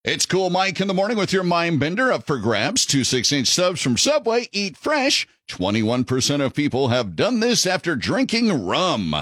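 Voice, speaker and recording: A man's voice: a little high, huge pitch swings, normal speed, few pauses, a bit bright, dry recording, studio quality. A man hosting a morning radio quiz, playful and teasing with callers. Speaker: radio morning show host. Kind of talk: upbeat radio quiz banter.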